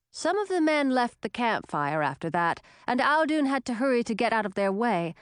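Brief: woman audiobook narrator, calm even storytelling, dry close mic. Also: a little high, moderate pace, hardly any pauses, clear, resonant tone, dry recording. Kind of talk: scripted narration.

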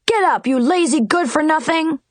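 A woman doing a gruff bossy knight guard. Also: fairly high pitch, sing-song, measured pace, no room sound, pitched above the performer's own voice, exaggerated voice. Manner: barking orders.

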